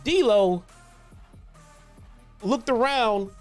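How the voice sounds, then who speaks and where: A man hosting a retro review show in a relaxed, profane way. He tells stories with growing animation, slipping in slang and restarts. Faint music plays in the background. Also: very high-pitched, drawn-out words. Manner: casual, profane, animated storytelling. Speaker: host. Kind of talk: casual retro wrestling review.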